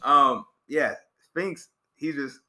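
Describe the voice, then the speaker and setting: A man's voice: a little high, slow, sharp tone, echoey room. A man hosting a podcast, chatting casually about a movie and acting out scenes with quoted voices. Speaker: podcast host.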